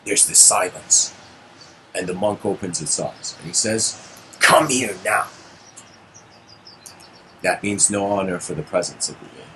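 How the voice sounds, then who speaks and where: A man's voice: sits low, normal speed, a bit bright, a little hiss or hum, poor audio. A man giving a casual storytelling lecture, rambling with fillers and asides.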